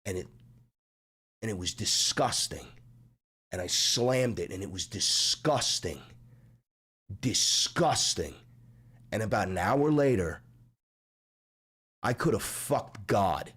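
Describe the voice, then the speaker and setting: A young man live-streaming in casual, profane chat, his voice deepened after a sickness, rambling and swinging from mumbles to shouting. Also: takes it slowly, long pauses, slightly rough. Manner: animated, rambling, swears a lot, swings from mumbling to yelling.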